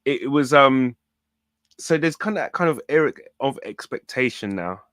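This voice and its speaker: A man chatting casually about a match, animated and often repeating his words. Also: medium pitch, normal speed, no room sound. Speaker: football fan show co-host. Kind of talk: casual match reaction chat.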